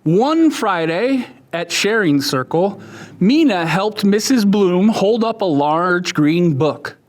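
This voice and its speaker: A man, a museum educator, reading a children's picture book aloud in a museum exhibit, with expressive storytelling. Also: high-pitched, slow, slight background noise.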